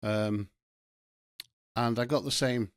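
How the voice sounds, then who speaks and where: A man's voice: mid-range voice, steady tone, slow pace, dry recording, studio quality. A middle-aged man with a Yorkshire accent, hosting a solo podcast with a blunt, sweary, passionate rant. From Yorkshire, England. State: sweating, hot. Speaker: podcast host.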